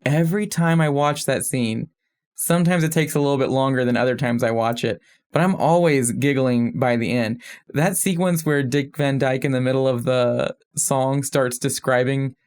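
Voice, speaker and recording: Casting: man, mid-pitch, casual podcast co-host, lively and self-deprecating. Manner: animated, self-deprecating, quick asides. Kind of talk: casual film discussion.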